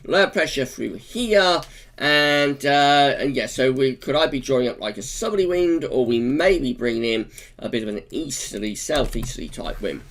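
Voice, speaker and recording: A man's voice: medium pitch, animated, moderate pace, a bit bright. A man giving an informal long-range weather forecast over charts, chatty and unscripted, with frequent fillers and self-corrections. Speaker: weather forecaster, channel host.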